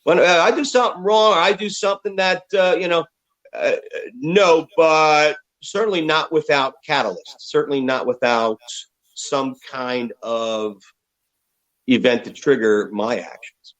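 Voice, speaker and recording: This fairly high-pitched man speaks at an unhurried pace, and the recording sounds lo-fi. He's an American rock musician in his fifties, appearing as an interview guest and telling candid stories. His delivery is profane and animated.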